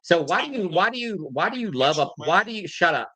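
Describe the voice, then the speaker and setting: Pushy guy running a stream debate, cuts ppl off, bright sharp voice. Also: high-pitched, sing-song, fairly quick. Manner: confrontational, interrupting. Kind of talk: heated online debate.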